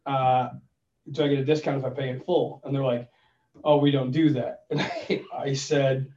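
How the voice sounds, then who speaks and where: An animated man tells money stories as a podcast co-host giving advice in casual chat, acting out phone calls. His medium-pitched voice keeps a moderate pace, and the roomy sound comes through a distant mic, dull and lo-fi.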